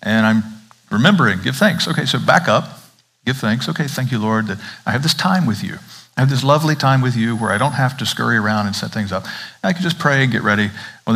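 A man's voice: mid-range voice, vocal fry, fairly bright tone, husky. A man from the American South with a Southern accent, a pastor preaching an Advent sermon in a conversational way, asking the congregation questions.

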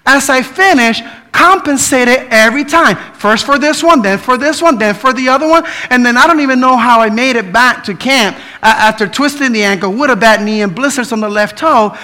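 A male preacher with a strikingly high voice and a bright, forceful tone. He preaches casually and with humor, weaving in personal stories and stumbling over repeated words as he goes. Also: moderate pace, hardly any pauses. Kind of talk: sermon.

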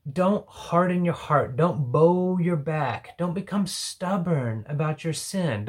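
A Bible teacher giving a devotional sermon and reading scripture aloud, emphatic, swinging from loud exclamations to hushed asides. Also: mid-range voice.

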